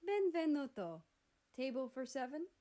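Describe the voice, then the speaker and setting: A woman's voice: sits high, big pitch swings, a little slow, dark tone, pitched above the performer's own voice. A woman voicing a friendly young male restaurant owner with an Italian accent, speaking in a storybook reading.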